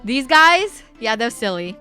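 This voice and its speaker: Excitable young female streamer, casual chat, bright tone. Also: a little high, measured pace, clear, resonant tone, faint music behind. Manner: excitable, giggly.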